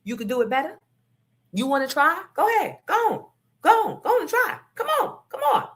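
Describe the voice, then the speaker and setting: A woman's voice: a little high, big pitch swings, normal speed, bright, forceful tone, pitched above the performer's own voice. A woman voicing an exasperated mother who scolds her husband with profane, taunting dares.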